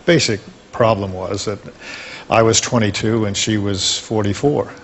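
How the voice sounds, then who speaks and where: An older man speaks in a low, settled voice as a guest on a studio talk show. He reminisces fondly and unhurriedly about the people he has known. A faint hiss sits under the recording. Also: fairly even intonation, unhurried.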